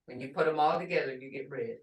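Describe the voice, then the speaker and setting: A middle-aged woman teaching pronunciation, speaking slowly and repeating each word to drill its sounds. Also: rumbling low. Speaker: language teacher. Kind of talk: pronunciation lesson. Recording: echoey room from far off.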